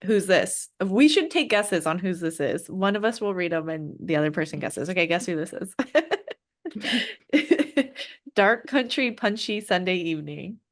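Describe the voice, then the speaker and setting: A woman co-hosting a podcast in casual chat, relaxed and laughing often. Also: fairly low pitch, measured pace. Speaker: podcast co-host.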